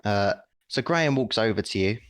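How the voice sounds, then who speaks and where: A man narrating as game master in a relaxed tabletop session, laughing easily. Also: lowish voice, moderate pace, no echo, clean studio sound.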